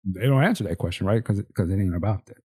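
A man co-hosts a podcast in a deep, husky, slightly mellow voice, talking fast with lively intonation. The casual chat is laid-back and slangy, full of laughter and rhetorical questions.

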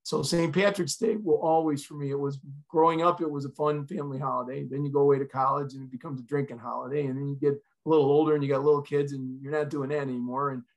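A man's voice: fairly high pitch, steady tone, quick pace, vocal fry, hardly any pauses. A middle-aged man, a retired fire chief, telling a personal story in an earnest, emotional way as a podcast guest.

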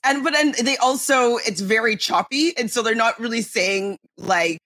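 Bright-voiced chatty woman, dry sound. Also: on the high side, moderate pace, no room sound. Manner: chatty, laughs often. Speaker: podcast co-host. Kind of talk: casual chat.

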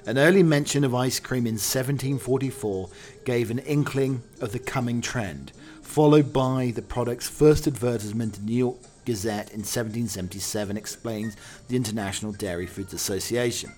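A man's voice: medium pitch, normal speed, darkish tone. A British man hosting a casual talk show, wry and chatty, with many fillers. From United Kingdom. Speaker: host. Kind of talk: casual chat.

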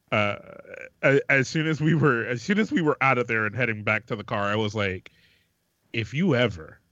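A man co-hosting a casual podcast chat, blunt and swearing, dropping low and slow to make a point. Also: a bit bright, no echo, highs cut off. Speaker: podcast co-host.

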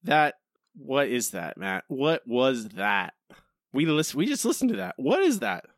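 A man's voice: medium pitch, big pitch swings, a little slow, dry recording. Guy podcast host picking apart an episode, exasperated, dry sound. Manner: exasperated, rambling, questioning. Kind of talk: casual critical chat.

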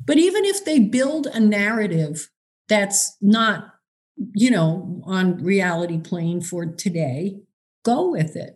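A woman's voice: medium pitch, animated, takes it slowly, darkish tone. A woman who advises on dementia care, talking through tips in an encouraging way and acting out example dialogue. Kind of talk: advice conversation.

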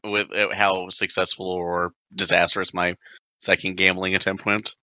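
A man with a low but very bright, forceful tone plays a tabletop game in a casual, upbeat way. His voice is close and dry. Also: level tone, moderate pace, no room sound. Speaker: player.

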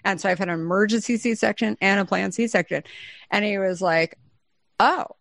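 A woman's voice: medium pitch, brisk, vocal fry, dry recording. Chatty storytelling woman, dry sound. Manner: chatty, lively, many fillers, acts out quotes. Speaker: company founder, interview guest. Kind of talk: anecdotal storytelling in conversation.

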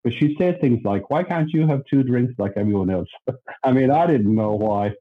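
A man's voice: medium pitch, expressive, normal speed, phone-quality sound. An Irish man, a podcast guest, telling his own story in a plainspoken, self-deprecating way. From Ireland. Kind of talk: candid storytelling chat.

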